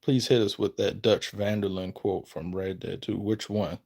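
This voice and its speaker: A man chatting on a live stream, reading viewers' messages aloud and answering them off the cuff. He rambles and trails off mid-thought, then starts his sentences over. His voice springs upward whenever he gets excited. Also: moderate pace, gravelly. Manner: lively, pitch jumps up when excited. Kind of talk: casual live-stream chat.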